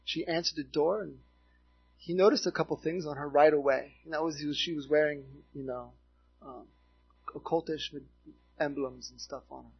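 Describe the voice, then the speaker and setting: Middle-aged male preacher from Miami, earnest sermon delivery, slightly high gravelly voice. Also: steady tone. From Miami, United States. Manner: earnest, halting, with restarts and asides. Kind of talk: sermon with storytelling. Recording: dull lo-fi recording.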